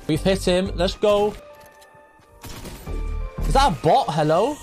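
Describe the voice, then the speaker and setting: A young man giving live commentary over his own gameplay, swinging from muttering to excited shouts. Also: sits high, slow, long pauses, music in the background. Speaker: gaming streamer.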